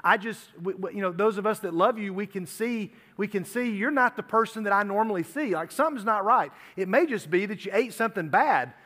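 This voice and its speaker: A man's voice: high voice, a little fast, few pauses, bright, forceful tone. A middle-aged man preaching a sermon to teenagers in an earnest, conversational way, often repeating himself. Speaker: youth pastor. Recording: long hall reverb.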